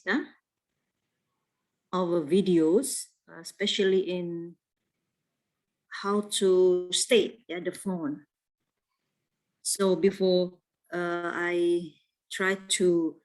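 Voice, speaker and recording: Slow, hesitant Indonesian woman teaching. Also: on the low side. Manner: hesitant, many fillers, slow. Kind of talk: classroom lesson explanation.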